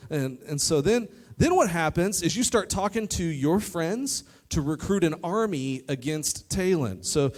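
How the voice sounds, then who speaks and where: A man preaching a youth sermon to a live audience, lively and joking, talking straight to the crowd. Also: fairly high pitch, unhurried, few pauses. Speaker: youth pastor. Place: church youth service in front of an audience.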